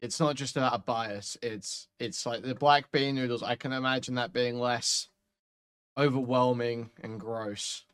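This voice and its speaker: A man's voice: mid-range voice, fairly even intonation, unhurried, a bit bright, clean tone. A man giving blunt, profane reaction commentary on a clip, with disgusted asides.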